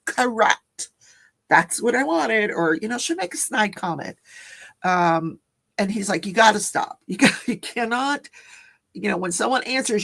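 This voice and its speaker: Gravelly woman chatting on a livestream. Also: lowish voice. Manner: chatty, laughs often, greets viewers in the chat. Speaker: livestream host. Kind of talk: casual true-crime livestream chat.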